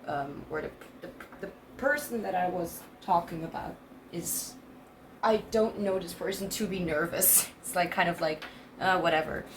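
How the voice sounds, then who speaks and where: A young woman in her twenties talks through a casual tarot reading in a low, gravelly voice. She rambles and hesitates, restarting sentences and laughing between thoughts. A clear noise sits behind her, with cards shuffling. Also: normal speed. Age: 20s. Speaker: tarot reader.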